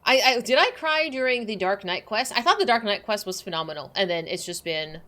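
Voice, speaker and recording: A woman's voice: medium pitch, lively intonation, fairly quick. A young woman streaming a game, chatting bubbly and giggly with her viewers. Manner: bubbly, giggly, greets chat warmly. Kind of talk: casual livestream chat.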